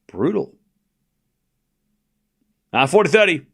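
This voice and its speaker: An Australian man calls tennis play-by-play for his live stream audience. His voice swings widely in pitch and sits at a middling register. Between points he bickers with his chat, quick to take offence in a playful way. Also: very animated, a bit bright. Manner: quick-tempered, jokey back-and-forth with chat. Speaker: streamer calling a tennis match.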